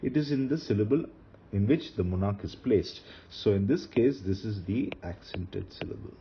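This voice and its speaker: A man's voice: on the low side, expressive, normal speed. A man teaching a screen-recorded lesson, explaining patiently, with fillers and restarts. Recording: slightly muffled, faint background hiss.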